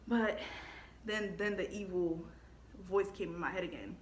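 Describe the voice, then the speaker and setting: A young adult woman telling a casual storytime in an animated way, laughing often and acting out the quotes. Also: fairly high pitch, brisk, slight background noise. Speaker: vlogger. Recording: echoey room.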